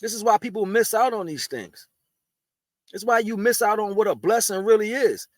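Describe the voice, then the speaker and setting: Man, high voice, dry close sound, streetwise preachy monologue, blunt. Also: moderate pace, no echo. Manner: eating while talking. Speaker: spiritual video host. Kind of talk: casual spiritual monologue.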